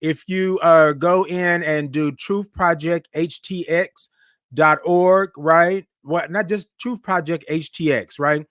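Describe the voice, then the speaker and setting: A man's voice: a little high, steady tone, slow, fairly bright tone, dry recording, studio quality. A man hosting a casual live stream, upbeat and effusive, greeting viewers by name and reading their comments aloud. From Houston, Texas. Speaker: livestream show host.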